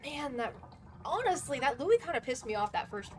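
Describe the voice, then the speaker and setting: A woman's voice: sits high, sing-song, normal speed, slight background noise. A woman streaming a game, chatting casually, flustered and swearing as she talks. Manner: swearing, flustered, laughing often.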